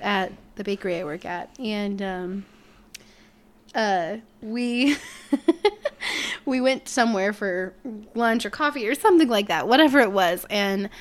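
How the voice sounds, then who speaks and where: A young woman in casual chat, telling lively stories and acting out customers in voices. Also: mid-range voice, a little slow. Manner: animated storyteller, acts out customers in voices.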